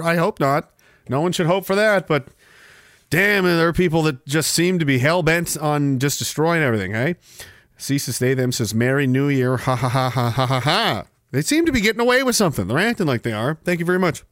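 A man's voice: on the high side, a bit bright, dry recording, studio quality. A man in his forties hosting a livestream, reading viewer comments aloud with profane, sarcastic banter and frequent laughter.

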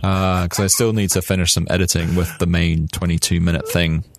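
A man's voice: low-pitched, flat delivery, brisk, no echo, clean studio sound. A young British man, a comedian and podcast guest, chatting casually and telling rambling, self-deprecating stories. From Britain. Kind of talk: casual chat.

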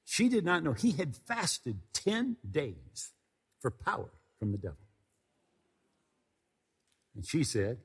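A man preaching a sermon, retelling a story with lively quoted dialogue. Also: mid-range voice, unhurried, vocal fry, long pauses, slightly rough. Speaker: pastor. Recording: long hall reverb.

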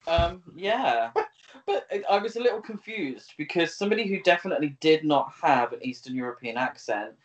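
Lively man on a distant podcast mic. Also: on the high side, a little fast. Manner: lively, wry, laughing. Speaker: podcast co-host. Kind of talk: casual film review chat. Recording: distant, dull sound.

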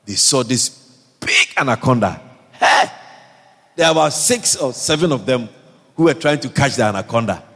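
A man preaching a sermon, animated and repetitive, often asking the congregation questions. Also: medium pitch, moderate pace, pauses often, breathy edge. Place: church hall. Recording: long hall reverb.

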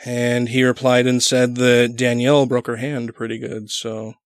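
Male podcast co-host, mid-pitched, casual and profane, dry close mic. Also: normal speed, smooth, no room sound. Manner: profane, animated, laughs often.

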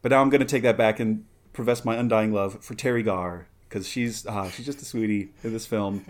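A man's voice: on the low side, fairly even intonation, fairly quick. A man co-hosting a casual podcast, rambling and laughing often, a bit tipsy from a drink. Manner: rambling, laughs often, quotes film lines. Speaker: podcast co-host. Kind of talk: casual movie-watching chat.

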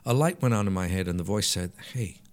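New guy in his 50s, lowish voice, tells stories slow and reflective w lots of uh's. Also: animated, smooth. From Bronx, New York. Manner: reflective, anecdotal, frequent restarts and fillers. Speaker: podcast guest, hair stylist. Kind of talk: storytelling in a casual interview.

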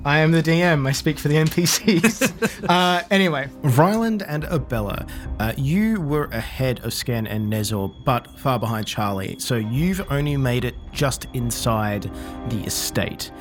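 A man narrating a tabletop game as game master, relaxed, with quick asides. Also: medium pitch, faint music behind.

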